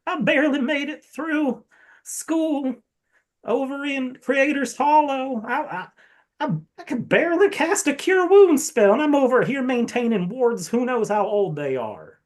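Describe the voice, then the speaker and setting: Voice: medium pitch, animated, measured pace, pitched above the performer's own voice. A game master voicing a nervous, overwhelmed male cleric who stammers and drawls in a put-on accent. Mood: panicky. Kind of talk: tabletop game role-play.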